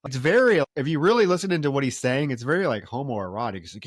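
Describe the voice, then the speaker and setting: A man co-hosting a film podcast chats casually and talks fast, retelling scenes with loose, animated energy and swearing freely. His pitch is in the everyday middle range, and the recording is dry and close to the mic.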